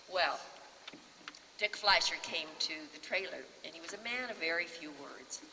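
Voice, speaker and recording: A woman in her sixties, an actress on a panel, lively and acting out other people's lines as she tells a story. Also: fairly low pitch, normal speed. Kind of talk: storytelling anecdote. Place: festival panel in a hall. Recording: reverberant hall, faint background hum.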